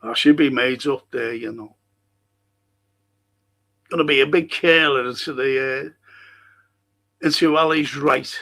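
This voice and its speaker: A man's voice: mid-range voice, fairly even intonation, unhurried, long pauses, bright, forceful tone. An older man hosting a live podcast, reacting bluntly to a football match, swearing and urging the players on while reading out chat messages.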